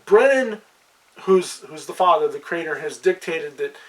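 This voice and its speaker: A man's voice: on the high side, lively intonation, moderate pace, fairly bright tone, recorded from a distance, poor audio. A man who runs a tabletop fantasy world, chatting casually on a podcast and rambling with many fillers and restarts. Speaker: game master.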